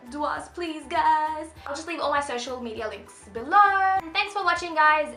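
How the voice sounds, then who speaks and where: A bright, high-pitched young woman in her twenties chats her way through a clothing haul, bubbly and rambling. Her voice is picked up by a camera mic in a roomy, echoing space, with faint music playing underneath. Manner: bubbly, chatty, rambling with many asides. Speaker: fashion vlogger. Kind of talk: casual shopping haul chat.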